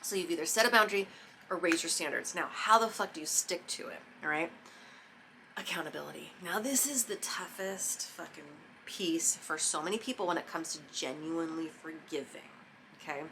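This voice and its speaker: A woman giving a casual, profane motivational monologue about forgiveness, emphatic and spontaneous, sometimes dropping into soft mock whispers. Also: deep voice, normal speed, slight background noise. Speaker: spiritual self-help vlogger.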